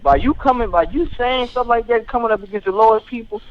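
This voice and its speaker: Fiery high-voiced man on talk radio. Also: a little fast, lo-fi sound, a little hiss or hum. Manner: fiery, preachy, keeps asking "you understand?". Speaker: radio talk show host. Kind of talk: heated political commentary.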